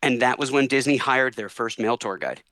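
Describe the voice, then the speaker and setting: A young man who is a podcast guest telling lively stories in a casual interview, animated with quick bursts of speech. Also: medium pitch, dry recording.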